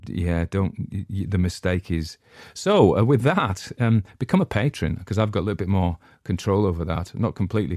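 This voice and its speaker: Here the older male host's voice is low and somewhat dark, and his casual podcast chatter wanders, halting with frequent ums. The audio is studio quality without any echo.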